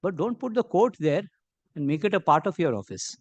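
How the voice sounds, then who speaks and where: A middle-aged man with an Indian English accent arguing before a court as an advocate, halting and constantly addressing the bench, with pointed rhetorical questions. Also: fairly high pitch, lively intonation, dry recording, lo-fi sound. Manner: halting, peppers every phrase with "my lord". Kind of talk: courtroom legal argument.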